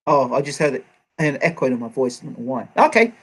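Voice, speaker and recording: A man hosting a casual sports livestream, eager and rambling as he gives shout-outs. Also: mid-range voice, big pitch swings, quick pace, breathy edge. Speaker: livestream host.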